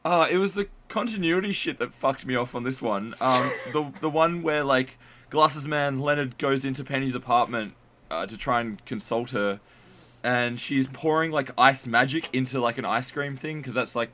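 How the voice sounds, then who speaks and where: A man co-hosting a comedy podcast, animated and swearing constantly as he rants. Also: mid-range voice, normal speed. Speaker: podcast co-host. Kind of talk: casual comedy podcast chat.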